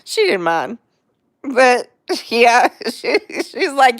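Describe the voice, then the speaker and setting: Slow gravelly middle-aged woman chatting. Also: a little high, very animated, dry recording, clean studio sound. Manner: rambling, chatty, laughs often. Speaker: livestream host. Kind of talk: casual livestream chat with viewers.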